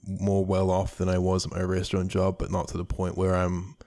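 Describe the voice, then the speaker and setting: Young man, light Kiwi accent, dark gravelly tone, loose rambling interview guest. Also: sits low, completely flat delivery, brisk. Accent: light New Zealand. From New Zealand. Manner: laid-back, rambling with many fillers. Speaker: YouTuber guest. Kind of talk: casual interview chat.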